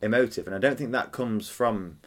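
A man co-hosting a podcast in casual chat, enthusiastic and chatty, quick to laugh. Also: fairly low pitch. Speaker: podcast co-host.

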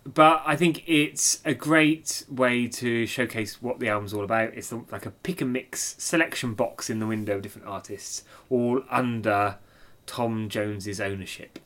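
A man hosting a casual album review chat, easygoing and presenter-like, often pausing on fillers. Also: medium pitch, steady tone, a bit bright. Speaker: podcast host.

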